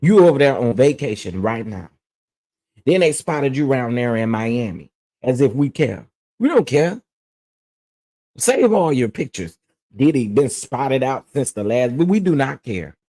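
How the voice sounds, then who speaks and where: A man's voice: medium pitch, sing-song, measured pace, warm tone. A man hosting his own commentary channel, ranting bluntly and emphatically and repeating phrases to press his point.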